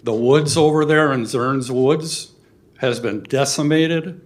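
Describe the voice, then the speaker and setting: An older man giving a public comment at a city meeting, earnest and halting, getting emotional at times. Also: mid-range voice. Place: city council chamber.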